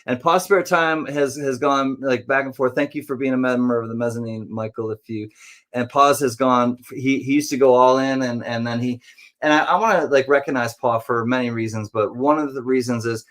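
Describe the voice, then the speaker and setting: A man chatting on a livestream in a friendly, rambling way at a middle pitch. He greets viewers one by one and now and then breaks into playful high-pitched bits. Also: fairly even intonation, moderate pace, a bit bright. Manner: friendly, rambling, jumps into silly high voices. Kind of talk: casual livestream chat.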